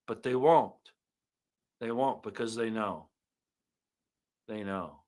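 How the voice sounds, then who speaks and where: A man giving an angry monologue to his viewers, swinging from loud outbursts to low muttering. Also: takes it slowly, pauses often. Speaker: online commentator.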